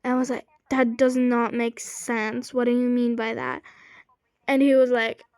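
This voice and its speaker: A woman's voice: a little high, little pitch movement, unhurried, darkish tone, smooth, no echo. A young woman telling a casual storytime vlog, rambling, exasperated and swearing a lot. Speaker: small creator.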